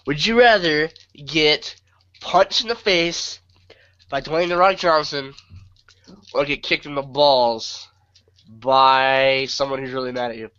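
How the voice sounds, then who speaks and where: A man's voice: on the high side, takes it slowly, a bit bright, clean tone. A young man co-hosting a podcast in casual chat, swearing and joking and laughing often. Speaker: podcast co-host. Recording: muffled lo-fi mic with faint hiss.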